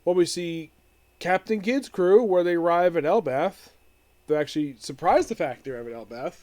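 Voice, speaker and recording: Guy rambling thru an anime recap, kinda high voice, dry close sound. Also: lively intonation, normal speed, a little mellow, no room sound. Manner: rambling with many restarts and fillers. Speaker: anime reviewer. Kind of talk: casual episode recap.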